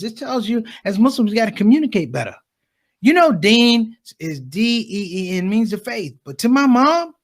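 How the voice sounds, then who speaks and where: A man doing a stand-up comedy set on a conference stage, telling stories and acting out the people in them with quick shifts in voice. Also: sits high. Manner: animated storytelling, acts out characters with quick shifts in voice.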